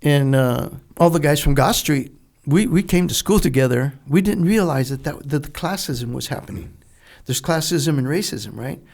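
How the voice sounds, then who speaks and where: An older man, a retired Navy veteran, telling a lively story in a podcast interview, acting out the dialogue and laughing often. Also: fairly high pitch, moderate pace, vocal fry, hardly any pauses. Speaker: guest, retired Navy SEAL.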